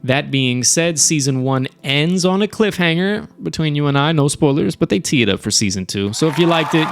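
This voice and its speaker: This streamer and show host has a slightly high voice as he reviews shows live. His manner is laid-back and talkative, with offhand cursing and a habit of restarting what he's saying.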